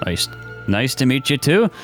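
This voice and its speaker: A man acting as game master, narrating a tabletop game in a relaxed, rambling way with lots of fillers. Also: mid-range voice, moderate pace, faint music behind.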